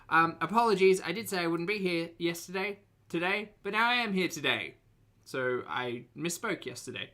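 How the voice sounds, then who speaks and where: Bright-voiced man streaming live. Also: sits high. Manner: chatty and upbeat, greets viewers by name, laughs often. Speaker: livestream reaction host. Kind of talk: casual live-stream chat. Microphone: headphones on, streaming setup.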